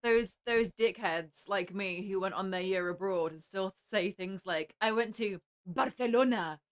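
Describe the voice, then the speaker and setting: A woman chatting casually on a live stream, relaxed and joking. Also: medium pitch, unhurried, clear, resonant tone.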